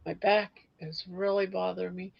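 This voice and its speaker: A woman's voice: fairly low pitch, level tone, moderate pace, vocal fry, breathy edge. An older woman hosting a casual live-stream chat, rambling from one thing to the next. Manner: rambling, breaks into song snatches. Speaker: host. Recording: dull lo-fi stream audio.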